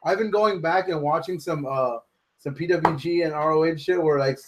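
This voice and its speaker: A man's voice: a little high, moderate pace, noisy background. A man co-hosting a casual wrestling talk show, rambling enthusiastically and swearing. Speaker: podcast co-host.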